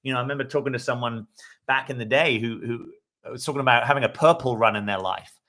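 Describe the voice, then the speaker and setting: A man's voice: mid-range voice, quick pace, sharp tone. A man speaking as a dating coach on a live stream, answering viewer comments. His voice sits in an ordinary mid range, and his delivery is easy and reflective, with frequent "right?" asides to the people watching. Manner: reflective, conversational, often checks in with "right?".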